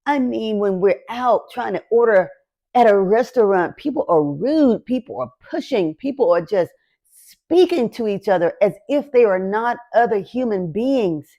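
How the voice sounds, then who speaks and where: A woman's voice: medium pitch, lively intonation, warm tone, lo-fi sound. A woman hosting her own show, giving a heartfelt motivational talk, emotional and close to tears. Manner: slow, emotional, encouraging. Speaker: podcast host.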